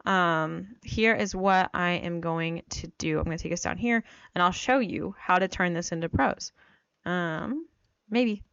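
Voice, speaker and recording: A woman's voice: lowish voice, measured pace, a bit bright, clear, resonant tone, no room sound, highs cut off. A woman teaching fiction writing in a casual, chatty tutorial, self-deprecating and full of fillers, talking while she types and just getting over a cold. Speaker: writing coach. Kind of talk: casual screen-share tutorial. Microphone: new microphone.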